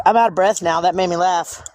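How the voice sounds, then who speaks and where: A woman with a lowish, slightly mellow voice chats on a casual creekside livestream, holding her phone as she talks. Her manner is playful and giggly, almost childlike.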